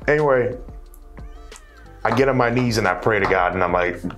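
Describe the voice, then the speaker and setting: A man's voice: lowish voice, normal speed, a bit bright, faint music behind. A man telling a real estate story in casual conversation, earnest, repeating himself and restarting his phrases. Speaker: guest real estate wholesaler.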